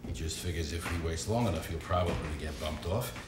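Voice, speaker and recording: A man playing a deep-voiced wisecracking bum. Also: fairly quick, over music, natural voice. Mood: sarcastic. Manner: sarcastic, wisecracking. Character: scruffy male undertaker, wisecracking, lazy. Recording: echoey room, faint background noise.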